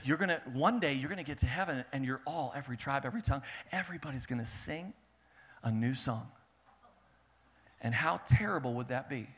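A man preaching a sermon in a lively way, acting out the people in his story and swinging between loud bursts and hushed lines. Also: medium pitch. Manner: animated, acts out voices of biblical figures, swings between loud and hushed. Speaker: pastor.

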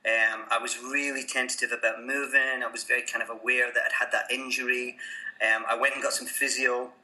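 A man with a Scottish accent, a podcast guest telling his story in relaxed, self-deprecating casual chat. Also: mid-range voice, a little fast, rough recording.

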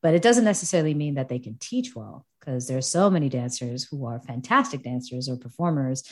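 A woman's voice: extremely low pitch, animated, a little fast. A woman co-hosting a podcast in casual chat, laughing often mid-sentence and playing out her own reactions. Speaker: podcast co-host.

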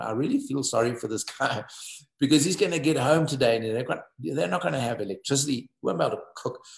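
A man preaching a sermon as pastor, telling stories in an emphatic, animated way. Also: mid-range voice, gravelly, roomy sound. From South Africa.

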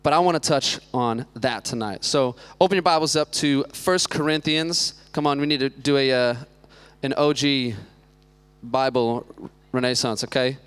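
A man's voice: medium pitch, moderate pace, fairly bright tone, clear, resonant tone. Joking man in his thirties preaching. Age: 30s. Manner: joking, chatty asides. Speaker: youth pastor. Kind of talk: casual sermon.

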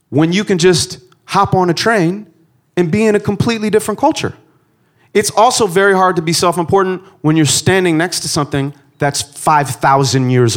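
A man doing a stand-up set, swinging between quiet reflective musing and loud profane punchlines in a conversational storytelling style. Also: medium pitch. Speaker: stand-up comedian.

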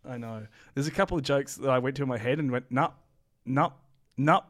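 A man's voice: medium pitch, fast talker. A young man co-hosting a podcast, joking and laughing through cheeky stories. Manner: cheeky, laughing, self-mocking. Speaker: podcast co-host. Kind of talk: casual podcast banter.

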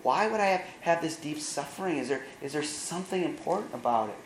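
A man's voice: fairly high pitch, expressive, quick pace, roomy sound, slight background noise, close to an everyday voice. A man voicing an anxious young man who keeps pleading and questioning, desperate to find meaning in his life. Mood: searching.

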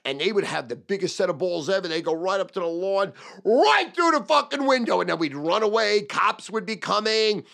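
A middle-aged man, telling a profane story in an animated, emphatic way with lots of repetition. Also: high voice, fairly quick, vocal fry, hardly any pauses. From Long Island, New York.

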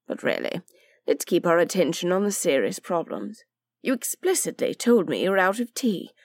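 A woman's voice: lowish voice, big pitch swings, moderate pace, dry recording. A woman playing a dry, witty aristocratic man who talks in a languid, teasing way. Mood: droll.

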